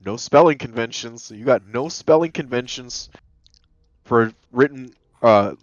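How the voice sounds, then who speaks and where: A man who works as a lawyer, chatting as a guest in a loose, rambling, storytelling way, full of swearing and frequent laughs. His voice sits at an average pitch. It comes through dry and dull, like a lo-fi voice line. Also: unhurried, no room sound. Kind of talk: casual chat.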